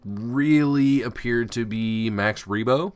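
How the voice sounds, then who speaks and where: A man's voice: mid-range voice, slow pace. A man co-hosting a podcast in casual chat, rambling with lots of fillers and restarts. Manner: rambling, hesitant with many fillers. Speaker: podcast co-host.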